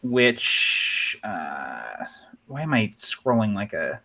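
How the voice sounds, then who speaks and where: A man's voice: on the low side, sing-song, drawn-out words, gravelly, sharp tone. A man running a tabletop game as game master, narrating scenes with enthusiasm and tossing in self-deprecating jokes.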